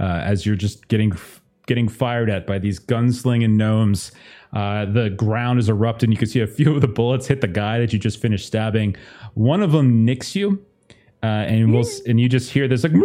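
A man's voice: fairly low pitch, warm tone. A man narrating as game master of a tabletop game, casual, with many fillers and restarts.

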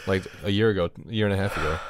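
A man's voice: sits low, very fast. A man co-hosting a podcast, chatting casually, laid-back and swearing now and then. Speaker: podcast co-host.

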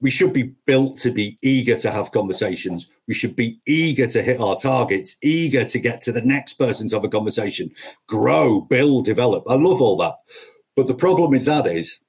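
Husky, emphatic man telling a sales story. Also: medium pitch, a little mellow. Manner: emphatic, punchy repetitions. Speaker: podcast guest, sales trainer. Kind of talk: conversational storytelling.

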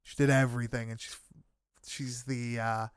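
A man's voice: mid-range voice, level tone, moderate pace, smooth, no echo, studio quality. A man in casual chat, recapping a film with friends, swearing freely and laughing often. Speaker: podcast co-host recapping a film.

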